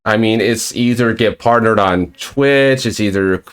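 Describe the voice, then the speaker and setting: A man's voice: fairly low pitch, unhurried, clean tone. A man hosting a casual live-streamed interview, rambling and swearing freely as he retells stories. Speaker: podcast host.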